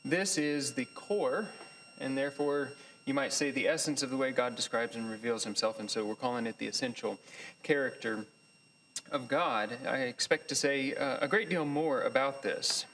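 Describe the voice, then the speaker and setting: A man teaching a Bible class in a thoughtful, halting way, with many pauses, fillers and restarts. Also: medium pitch, a bit bright, slight background noise, poor audio. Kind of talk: lecture.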